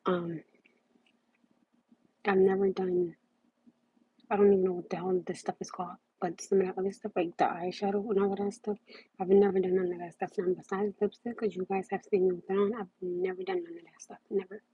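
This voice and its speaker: A woman's voice: mid-range voice, flat delivery, fairly quick, husky, dry recording. A young woman hosting a casual livestream, rambling and repeating herself as she talks. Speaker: livestream host. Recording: muffled lo-fi livestream audio.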